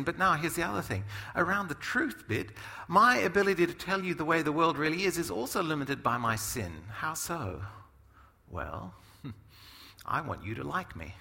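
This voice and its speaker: A middle-aged man preaching a sermon in a conversational, animated way, often asking "right?". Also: a little high, big-room sound. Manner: animated, conversational, many asides and tag questions. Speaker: pastor.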